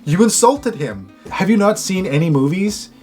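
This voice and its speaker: A man's voice: high voice, animated, normal speed, darkish tone, soft background music. A man co-hosting a casual show review, talking in an exasperated, rhetorical way. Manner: exasperated, rhetorical, mimics characters. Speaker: co-host.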